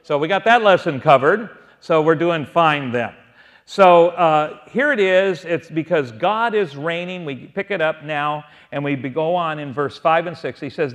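Man, Bible teacher, fairly high voice, asks and answers his own questions, drawn-out key words. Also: fairly bright tone.

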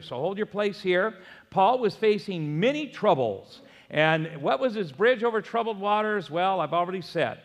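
In a church sanctuary, a middle-aged pastor with a high voice delivers a sermon through animated storytelling. He calls on the congregation to repeat his words back, and a long hall reverb trails each phrase.

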